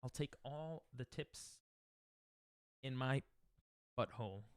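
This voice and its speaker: A young man chatting casually and excitably while he streams a speedrun, joking and breaking into laughter. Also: mid-range voice, takes it slowly, clear, resonant tone, no room sound, studio quality. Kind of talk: casual gaming stream chat.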